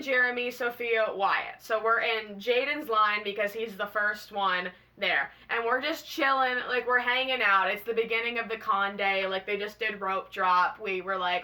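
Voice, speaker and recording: Bright-voiced, bubbly young woman. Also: fairly high pitch. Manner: bubbly, excitable, slangy, gushing. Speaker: vlogger. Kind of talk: casual storytime.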